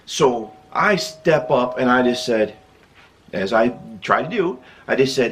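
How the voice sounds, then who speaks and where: A man's voice: medium pitch, expressive, measured pace, a bit bright, soft background music. A man from the American Midwest hosting his own channel, telling a casual storytime tale in a rambling, self-interrupting way that keeps breaking into laughter. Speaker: YouTube storyteller.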